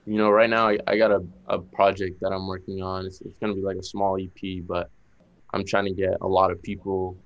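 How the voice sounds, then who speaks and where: A young man with a Boston accent, a musician talking casually in an interview, relaxed, with lots of "like" fillers. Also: sits low, fairly quick, muffled recording. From Massachusetts. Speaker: musician guest.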